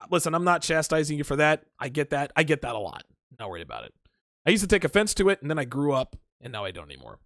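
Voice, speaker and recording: Lively, blunt man with a higher voice. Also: no echo, clean studio sound. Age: adult. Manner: blunt, profane, quick to laugh, animated. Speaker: livestream host reading chat. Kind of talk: casual unscripted livestream chat.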